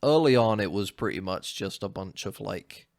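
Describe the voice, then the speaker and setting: A man chats casually on a podcast, rambling through a story with many restarts. His voice sits low and sounds gravelly. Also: expressive, moderate pace. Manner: rambling, restarts and laughs a lot. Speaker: podcast co-host. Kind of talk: casual chat.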